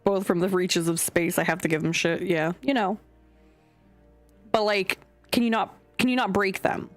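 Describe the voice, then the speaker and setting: A woman's voice: mid-range voice, fairly even intonation, normal speed. A young adult woman streamer chatting casually and scatteredly with her chat, swearing now and then. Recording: faint music behind.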